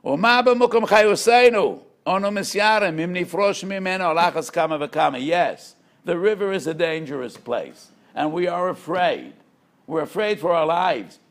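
A man's voice: high voice, lively intonation, moderate pace, a bit bright, pitched above the performer's own voice. A man voicing a frightened fish in a river, pleading urgently in a raised voice.

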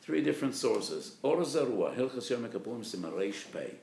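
A man, a rabbi, giving a spirited lecture on religious law, hitting key terms with loud emphasis and acting out quoted speakers. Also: medium pitch, sing-song, normal speed, vocal fry, roomy sound. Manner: acts out patients and doctors in quoted voices.

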